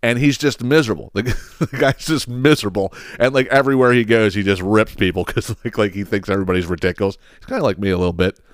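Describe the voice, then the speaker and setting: A man's voice: fairly low pitch, fast talker, no echo, clean studio sound. A man hosting a podcast, ranting with heavy profanity and sarcastic mocking impressions. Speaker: podcast host. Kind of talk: ranting solo podcast monologue.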